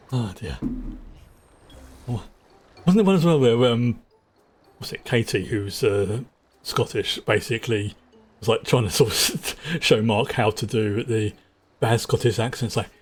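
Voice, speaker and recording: A man's voice: medium pitch, animated, unhurried, long pauses, breathy edge, faint music behind. A man with a London accent giving rambling, chatty commentary while streaming a game, often restarting his sentences. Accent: London English. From England. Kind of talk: casual gameplay commentary.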